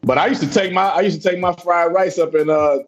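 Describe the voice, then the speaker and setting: A man's voice: high voice, steady tone, fast, highs cut off, faint music behind. A man with a St. cohosting a radio show, laid-back and joking in slangy, casual chat.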